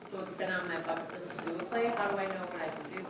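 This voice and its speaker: A woman's voice: fairly low pitch, fairly even intonation, very fast. A woman taking part in a workshop, asking eager questions. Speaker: workshop participant. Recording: distant echoey room, noisy crowd.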